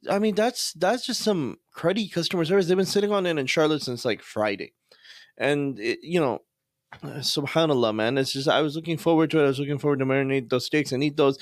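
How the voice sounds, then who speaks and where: A man hosting a podcast and talking fast in a casual, frustrated rant, with Islamic phrases scattered through his speech. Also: fairly high pitch, no room sound, studio quality. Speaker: podcast host.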